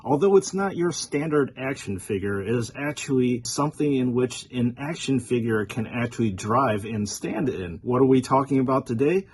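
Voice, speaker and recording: A man's voice: medium pitch, lively intonation, normal speed, hardly any pauses, darkish tone, slight background noise. A man hosting a casual product review, with upbeat, detail-focused commentary. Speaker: toy reviewer host.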